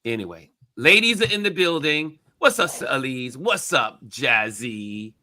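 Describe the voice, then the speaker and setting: A man hosting a casual talk show, telling stories with animated emphasis. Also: medium pitch, a little slow. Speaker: podcast host. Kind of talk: casual chat.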